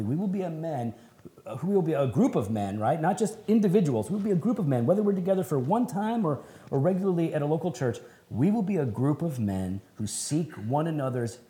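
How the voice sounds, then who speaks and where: A man preaching a sermon at a men's retreat, animated and conversational, with folksy slang and laughing asides. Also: on the high side, reverberant. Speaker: pastor.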